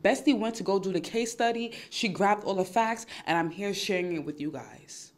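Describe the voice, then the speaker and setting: A woman's voice: medium pitch, moderate pace. A Nigerian woman hosting an advice podcast, emphatic and straight-talking, repeating her points. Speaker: podcast host.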